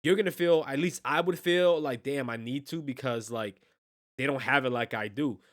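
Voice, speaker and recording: A man's voice: mid-range voice, steady tone, moderate pace, a bit bright. A man hosting a music reaction video, talking casually and earnestly in slang, emotionally moved by the track. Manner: slangy, earnest, keeps saying "bro" and "man".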